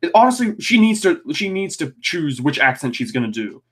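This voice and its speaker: A man's voice: on the high side, big pitch swings, a little fast, fairly bright tone. A young man co-hosting a podcast, reviewing wrestling in a casual, rambling way, with lots of ums, restarts and the odd swear. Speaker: podcast co-host.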